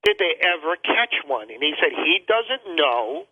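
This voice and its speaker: A man tells a long personal story as an interview guest, stopping and restarting often and filling gaps with ums. His voice sits a bit high for a man. It comes through a thin, tinny phone line. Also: very animated. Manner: rambling, halting, repeats words and fillers. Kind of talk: telling a personal travel story. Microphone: phone call.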